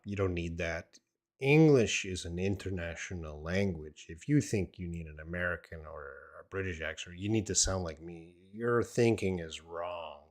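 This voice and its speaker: Blunt, lower-voiced male English teacher. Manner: blunt, opinionated, teasing. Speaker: English teacher hosting a live stream. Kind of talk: live-stream Q&A lesson. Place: at home.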